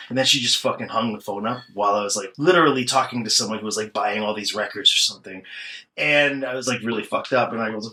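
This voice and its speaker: A man's voice: mid-range voice, fast talker, sharp tone, low-quality recording. A man guesting on a podcast, telling loose, profane stories in casual chat, full of "like".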